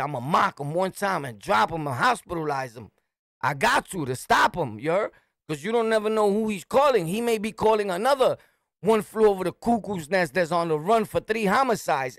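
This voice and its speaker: A middle-aged man from Brooklyn with a New York accent, telling a street story in a swaggering, animated way and shouting his punchlines. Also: high voice, vocal fry, no echo, clean studio sound. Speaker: storyteller, channel host.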